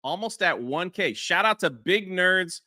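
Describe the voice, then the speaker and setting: A man's voice: high voice, expressive, a little slow, sharp tone, dry recording, studio quality. A man co-hosting a casual livestream, laughing often while reading out viewer donations and chatting. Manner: giggly, laughs often, reads donor names. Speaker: livestream co-host reading super chats.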